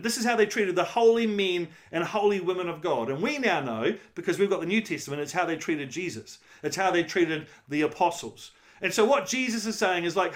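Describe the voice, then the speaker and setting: A man's voice: high voice, fairly bright tone. A middle-aged man, a pastor preaching a conversational, emphatic sermon with rhetorical questions.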